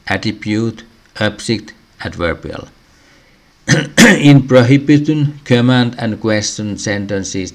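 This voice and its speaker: A man slowly reading out a language lesson, pausing often and clearing his throat between phrases. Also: on the low side. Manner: halting, frequent throat clearing. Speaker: language teacher.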